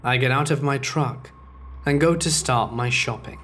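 A man's voice: medium pitch, moderate pace, fairly bright tone, slight background noise. A man steadily reading true scary stories aloud in the first person, as the narrator of a horror story channel.

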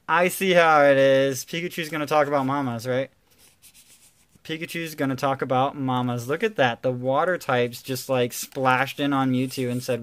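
A man doing casual, playful commentary while opening trading card packs, excitedly calling out cards and teasing his viewers. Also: mid-range voice, moderate pace, clean tone, no echo. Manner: excitable, calls out card names with bursts of energy.

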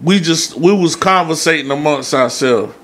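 Man with a North Carolina accent, slightly high voice, profane casual storyteller. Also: normal speed, a crowd in the background. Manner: profane, repetitive for emphasis. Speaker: podcast co-host.

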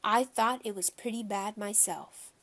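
A woman voicing a patient, calm father of two boys in a children's audiobook, speaking in a hushed, gentle way. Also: medium pitch, unhurried. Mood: amused. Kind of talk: audiobook character voice.

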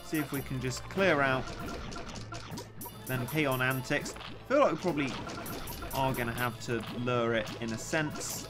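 Young guy on a game stream, chatty and ranty, pokes fun at himself, quiet music behind. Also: medium pitch, a little slow, long pauses. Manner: chatty, ranting, self-mocking. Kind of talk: casual live-stream chat while gaming.

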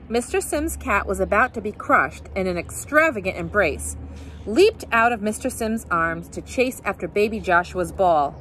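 A woman, a teacher, reading a children's picture book aloud with expressive, animated storytelling. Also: mid-range voice, moderate pace, a little hiss or hum.

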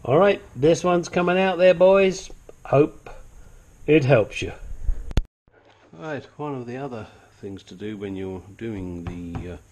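The recording is muffled with a little hiss or hum, carrying a man's mid-range, slightly mellow voice at a slow pace. Hosting a home mechanic channel, he narrates a brake and control arm job casually, swearing at times, digressing, and occasionally doing a silly accent.

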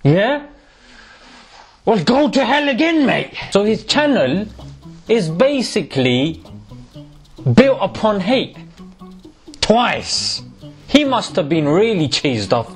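A man with a fairly high voice that swings widely in pitch as he talks. He hosts a sarcastic, joking commentary and keeps calling his viewers "mate." Faint music plays behind him. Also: wildly swooping pitch, takes it slowly, pauses often. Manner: sarcastic, mocking, peppers speech with "mate". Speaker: YouTube host. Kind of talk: casual comedic commentary.

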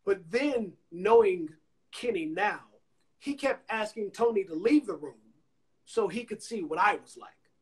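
At a measured pace, a high-voiced man from Anniston, Alabama, tells animated stories as a songwriter-producer guest in a casual interview. He acts out quoted voices, and he's heard over an Instagram Live phone call.

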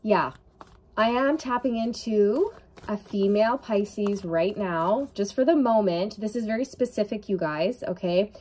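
Woman tarot reader, earnest, emotional, lots of fillers, mid-pitched voice. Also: a little slow, a little mellow. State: tearful at times. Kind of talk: intuitive tarot reading to camera.

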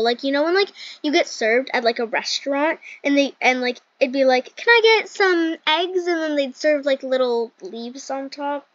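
A woman with a high, bright-pitched voice chats through her gameplay in a loose, giggly ramble packed with "like" fillers. The sound is close and dry, with a dull, lo-fi home-mic quality. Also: no room sound. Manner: chatty and giggly, lots of "like" fillers. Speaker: gaming channel host. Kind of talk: casual gameplay commentary.

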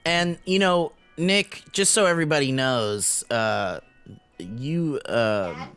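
A man's voice: mid-range voice, animated, takes it slowly, a bit bright, smooth, dry recording, soft background music. A man as a podcast co-host in casual chat, phrasing things hesitantly and carefully.

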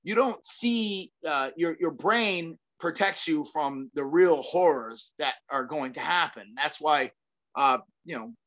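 A middle-aged former fighter talks through his ideas as an interview guest. He is energetic and rambling, restarting sentences, piling up fillers and swearing casually. His voice sits a bit high for a man. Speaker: guest, former fighter and self-defense trainer.

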